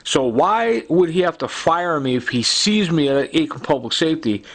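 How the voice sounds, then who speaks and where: This man's fairly high, expressive voice is a bit bright and moves at a normal pace. Recording himself, he complains in an urgent, rambling rant, throwing out accusations amid a stack of fillers and asides.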